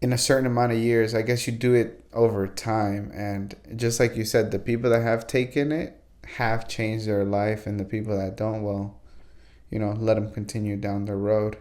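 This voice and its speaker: Speaking at normal speed, a man with a lowish, darkish, fairly flat voice hosts a podcast interview. His casual questions come out haltingly, with words repeated as he forms them.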